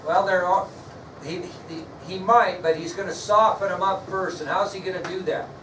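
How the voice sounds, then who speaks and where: A male history teacher lecturing a class, quizzing students and spelling words out slowly. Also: high-pitched, fairly even intonation, fairly bright tone, a little hiss or hum. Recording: echoey classroom, mic far off, faint ambience.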